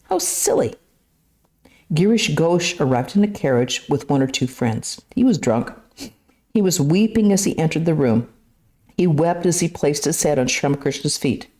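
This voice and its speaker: A woman reading a holy text aloud to a study group in a steady, measured way, with brief asides. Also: sits low. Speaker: scripture reader. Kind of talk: reading scripture aloud to a class.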